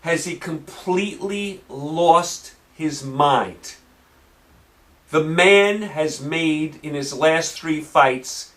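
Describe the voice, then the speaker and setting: Loud sports guy ranting on his own show, high sharp voice, kinda far from the mic, keeps repeating himself. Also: very slow. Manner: brash, combative, repeats lines for emphasis. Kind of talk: ranting sports talk monologue.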